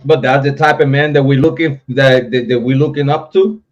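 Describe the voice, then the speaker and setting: A man's voice: medium pitch, a little fast. A man hosting a casual livestream, reading viewer comments and ranting about other content creators. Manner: talks straight to chat, reads comments, ranting. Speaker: livestream host. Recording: dull lo-fi stream audio.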